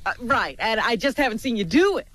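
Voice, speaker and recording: Quick, needling co-host woman. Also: on the high side, big pitch swings, fairly bright tone, no echo. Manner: needling, skeptical. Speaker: radio co-host. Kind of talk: casual chat.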